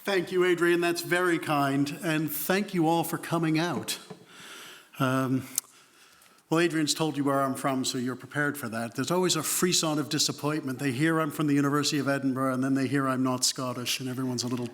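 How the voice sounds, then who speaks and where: A man's voice: a little high, steady tone, a little fast, fairly bright tone. A man in his fifties from Boston with a Boston accent, giving a wry, self-deprecating public history lecture with conversational restarts. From Boston, United States. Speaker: guest lecturer, history professor.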